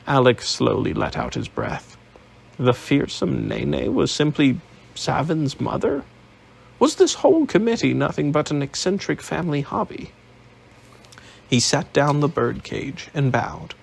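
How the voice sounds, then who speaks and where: A man narrating an audiobook in a measured, unedited reading with small slips. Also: medium pitch, sing-song, creaky, slightly rough.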